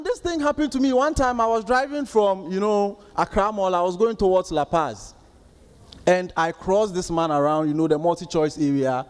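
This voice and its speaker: A man in his thirties with a Ghanaian accent doing stand-up comedy, telling stories in an animated way and acting out the outbursts of others. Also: sits high.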